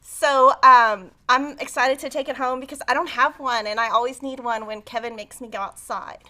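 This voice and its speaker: A middle-aged woman hosting a quilting livestream in a chatty, excitable way, with lots of "um" and "like" as she talks. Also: high voice, normal speed. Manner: chatty and excitable, with many "um" and "like" fillers. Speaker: host of a quilt shop livestream. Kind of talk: casual live-stream chat and quilting tutorial.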